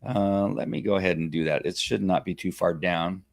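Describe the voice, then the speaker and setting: Lower-voiced man hosting a rambling live stream. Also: steady tone, vocal fry. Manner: rambling, halting, many fillers and restarts. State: choked up. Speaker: host of a Facebook Live show. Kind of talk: casual live-stream talk, reading a testimonial aloud.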